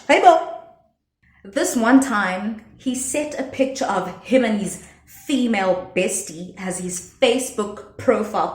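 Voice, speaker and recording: A young South African woman telling a storytime vlog in a sassy, animated way, dropping in Zulu slang. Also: mid-range voice. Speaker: vlogger. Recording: echoey room.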